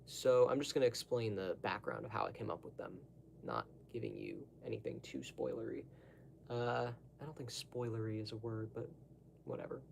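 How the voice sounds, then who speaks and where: A man's voice: on the low side, sing-song, moderate pace, vocal fry, darkish tone, a little hiss or hum. A young man talking casually to the camera, rambling through digressions with lots of fillers and asides. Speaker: vlogger.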